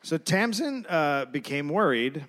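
A man co-hosting a comedic history podcast, reading out old quotes and breaking into shouted silly voices. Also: a little high, big pitch swings, measured pace. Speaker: podcast co-host.

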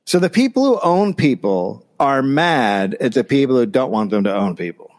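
A man reads history aloud in a casual comedic podcast. His pitch swings widely as he goes. He breaks off the text for dry, sarcastic commentary. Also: sing-song, moderate pace. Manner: reads notes, then riffs with dry sarcasm. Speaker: podcast co-host reading history.

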